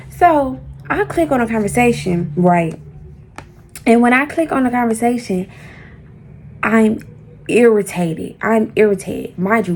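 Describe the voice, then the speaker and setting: A woman's voice: fairly high pitch, a little mellow, husky. A young woman telling a storytime in a casual, slangy, profane way, acting out the quotes as she goes. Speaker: storyteller vlogger.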